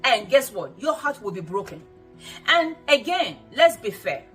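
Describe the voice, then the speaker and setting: A woman's voice: fairly high pitch, very animated, a little slow, husky, faint music behind. A woman hosting a motivational show, talking earnestly to women viewers and repeating phrases for emphasis. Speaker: host of a self-help show.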